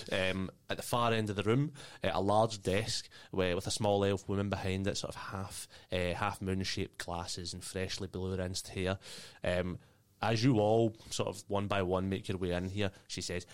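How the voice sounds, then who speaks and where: A man with a fairly low voice narrates as game master of a tabletop game. His delivery is loose and casual, full of ums and uhs, and he breaks into laughter often. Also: flat delivery, moderate pace, clear, resonant tone.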